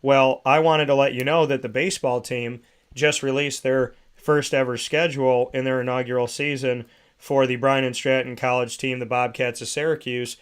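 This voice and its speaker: A man hosts a radio talk show and banters with his guest. His voice is smooth and resonant, in a middle pitch. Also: little pitch movement, normal speed. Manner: joking, conversational. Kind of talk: casual radio chat.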